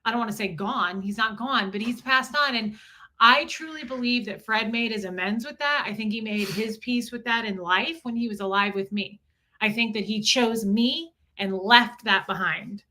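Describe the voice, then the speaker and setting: A woman co-hosting a live stream, telling a personal story in an earnest, animated way that repeats itself. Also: on the high side, normal speed. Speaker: co-host.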